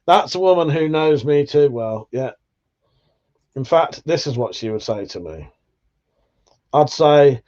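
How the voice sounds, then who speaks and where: A man's voice: fairly high pitch, animated, unhurried, pauses often, a little mellow, lo-fi sound. A man hosting a casual livestream chat, rambling, swearing freely and laughing often. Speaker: livestream host.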